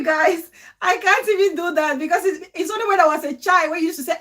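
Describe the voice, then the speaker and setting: A woman's voice: extremely high pitch, fairly quick, fairly bright tone. A woman hosting, reacting in casual commentary to a played clip, often breaking into laughter. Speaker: host.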